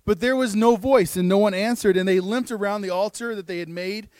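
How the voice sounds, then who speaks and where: A high-voiced man preaching to a room, reading scripture and breaking off for quick asides. He sounds earnest and rises to emphatic peaks. The sound is close and dry, with little room echo. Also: darkish tone. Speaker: pastor. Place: church room.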